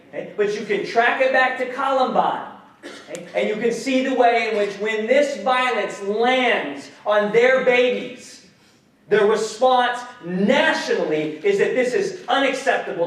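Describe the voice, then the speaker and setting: A man lectures in a big hall, his fairly high voice ringing with heavy echo. He is animated and questions the audience directly, cursing casually. The mic sits some way from him. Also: recorded from a distance. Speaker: guest speaker, educator. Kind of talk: public lecture.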